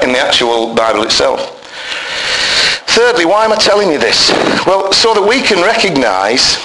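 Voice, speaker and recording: A man preaching a sermon, hoarse from a bad chest, emphatic and animated, at times rising close to a shout. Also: a little high. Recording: roomy echo, faint noise.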